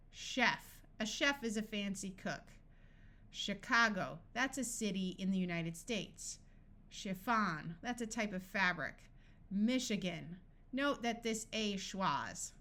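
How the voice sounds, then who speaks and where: A woman reading a scripted phonics lesson, sounding out words slowly and deliberately. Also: mid-range voice, pushed and bright. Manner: slow, deliberate word-by-word reading. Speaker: phonics tutor.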